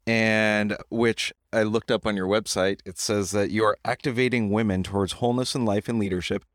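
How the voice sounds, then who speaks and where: A middle-aged man hosting a podcast in a relaxed, joking way, teasing his guest and poking fun at himself. His voice sits on the lower side, recorded dry and close with almost no room sound. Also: moderate pace, no room sound. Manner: chatty, joking, self-deprecating. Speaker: podcast host. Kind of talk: casual podcast conversation. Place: in-person home recording setup.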